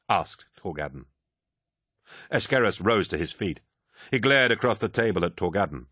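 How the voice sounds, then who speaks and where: A man narrating an audiobook in a steady, measured manner. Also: low-pitched, breathy edge, no echo, clean studio sound. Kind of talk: scripted narration.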